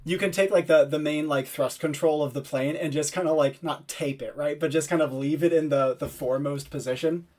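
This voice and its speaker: Fairly high-voiced male game master. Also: fairly even intonation, a little mellow. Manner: descriptive, unhurried narration with fillers. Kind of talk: narrating a tabletop game.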